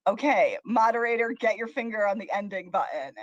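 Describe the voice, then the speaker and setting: A young woman who is a teen librarian and co-hosts a talk show, chatting casually and telling a story in an animated, self-interrupting way, laughing as she goes. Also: medium pitch, fairly quick, no echo, dull audio. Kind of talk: casual chat and playful storytelling.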